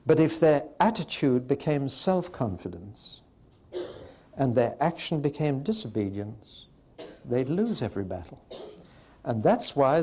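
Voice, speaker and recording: A man preaching a sermon to a live audience with an emphatic, wry delivery and pauses for effect. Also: medium pitch, a little hiss or hum.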